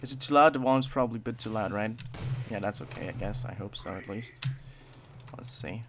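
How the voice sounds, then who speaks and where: A man's voice: on the low side, brisk, heavy background noise. Hyper young man swearing through gameplay. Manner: hyper, swearing, swings from shouts to mutters. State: wired on energy drinks. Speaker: gaming channel host. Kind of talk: gameplay commentary.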